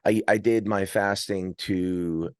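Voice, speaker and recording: Male podcast guest, low-pitched, chatty rambler, dry close sound. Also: steady tone, takes it slowly, clear, resonant tone, no room sound. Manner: rambling, laughing storyteller. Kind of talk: casual chat.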